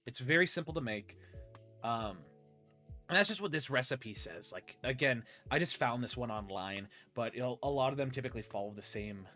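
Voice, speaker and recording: A man's voice: mid-range voice, lively intonation, normal speed, sharp tone, faint music behind. A man hosting a casual chat, reading recipes aloud and laughing often. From United States. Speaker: podcast host.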